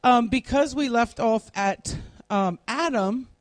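A woman leads a Bible class at a slow, unhurried pace, setting out each word's meaning one at a time. Her voice is recorded close and dry, with almost no room sound. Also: fairly high pitch, no room sound. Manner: deliberate, spells out word meanings one by one. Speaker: Bible study teacher. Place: classroom, writing on a board.

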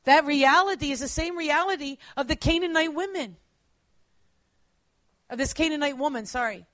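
A woman preacher giving a sermon, earnest, at times dropping to quiet emphasis and correcting herself as she goes. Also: high-pitched, normal speed, dry recording.

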